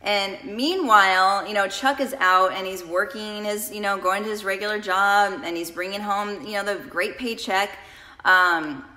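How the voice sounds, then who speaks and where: A woman's voice: mid-range voice, moderate pace, sharp tone, roomy sound. A woman coach talking casually and emotionally to her viewers in a confessional vlog, addressing them directly. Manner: chatty, emotional, addresses viewers as "you guys". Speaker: coach and vlogger.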